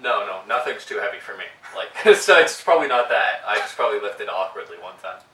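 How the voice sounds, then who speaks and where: A man's voice: on the low side, lively intonation, brisk, bright, forceful tone. A young man co-hosting a casual podcast chat, joking in a dry, self-mocking way. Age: young adult. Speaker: podcast co-host. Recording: echoey room, distant mic, faint noise.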